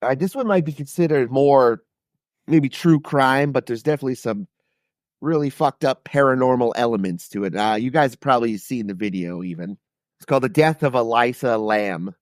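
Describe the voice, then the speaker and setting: A man telling stories on a podcast in a loose, rambling, foul-mouthed way. His voice sits at an ordinary middle pitch. The sound is close and dry, with no room in it. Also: normal speed, no room sound. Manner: loose, profane, rambling delivery. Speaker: podcast co-host. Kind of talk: casual storytelling.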